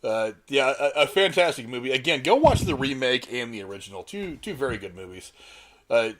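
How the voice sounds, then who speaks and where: A man's voice: mid-range voice, very animated. A man hosting a film discussion podcast, telling anecdotes and laughing easily. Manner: talks fast, tells anecdotes, laughs easily. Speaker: podcast host. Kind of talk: casual chat.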